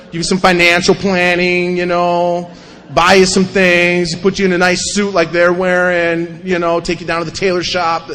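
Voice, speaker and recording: High-voiced man telling a wry story in a hall. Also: normal speed. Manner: animated, wry storytelling that acts out the scenes. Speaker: recovery meeting speaker. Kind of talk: personal recovery story told to a meeting. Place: large meeting hall before an audience. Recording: long hall reverb.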